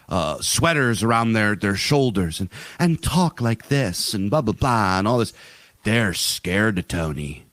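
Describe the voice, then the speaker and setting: A man's voice: on the low side, a bit bright, no room sound. A man co-hosting a podcast in casual chat, rambling and profane, breaking into voiced asides. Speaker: podcast co-host.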